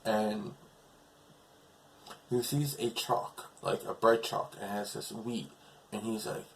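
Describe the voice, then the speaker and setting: A man's voice: fairly low pitch, steady tone, slow pace, vocal fry, slight background noise, rough recording. A man casually retelling a TV episode as a reviewer, rambling along with lots of fillers.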